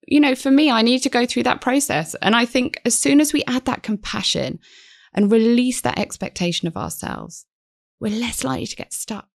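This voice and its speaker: A woman's voice: mid-range voice, vocal fry, no room sound, studio quality. A woman guest psychotherapist talking in a podcast interview, earnest and reflective, restarting her sentences often.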